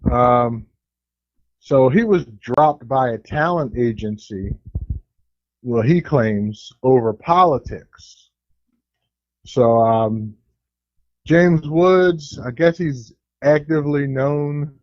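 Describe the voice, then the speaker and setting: Slow, measured man co-hosting. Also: mid-range voice, no room sound. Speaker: co-host. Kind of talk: casual podcast talk. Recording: dry dull lo-fi recording.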